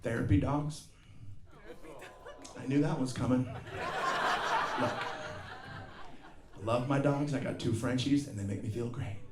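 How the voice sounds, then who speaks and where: A man's voice: mid-range voice, fairly even intonation, takes it slowly, long pauses. A middle-aged man doing a profane, ranting stand-up comedy set, acting out other people's lines, recorded live in a comedy venue. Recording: roomy live venue with crowd laughter.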